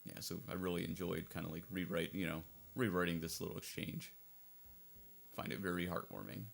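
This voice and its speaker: Faint music plays behind a low-pitched, gravelly man with a breathy edge who speaks briskly. He's the fan translator casually commentating a let's-play of the game, rambling and coming back around to what he said before.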